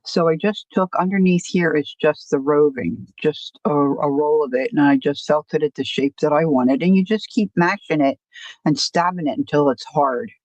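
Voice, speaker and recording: A woman's voice: sits low, normal speed, a little mellow, no echo, poor audio. A woman hosting a casual crafting livestream, rambling and self-deprecating, often stopping to restart her sentences. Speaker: crafting channel host.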